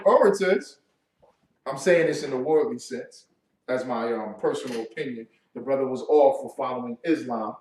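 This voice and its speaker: Recorded from a distance in an echoey room with a little hiss or hum, a man with a medium-pitched voice delivers a classroom sermon as a religious teacher. He preaches with lots of rhetorical questions.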